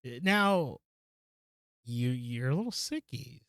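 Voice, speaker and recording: Young male co-host, clean smooth tone, chill and easygoing chatter. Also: medium pitch, expressive, slow pace, fairly bright tone, dry recording, studio quality. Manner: laid-back, says "dude" a lot. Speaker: podcast co-host. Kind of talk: casual gaming podcast chat.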